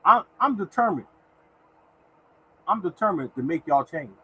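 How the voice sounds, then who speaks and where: The host of this motivational livestream has a slightly high, sharp-toned voice and an animated but unhurried delivery. He gives lottery picks, repeats himself, keeps urging "y'all," and turns to thank viewers in the chat by name. A little hiss or hum marks the rough recording.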